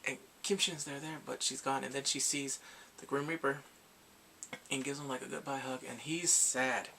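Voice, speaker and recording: Gravelly, bright-voiced man recapping excitedly. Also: mid-range voice, moderate pace, slight background noise. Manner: animated, acts out characters' lines and his own reactions. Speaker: drama reviewer. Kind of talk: casual excited episode recap.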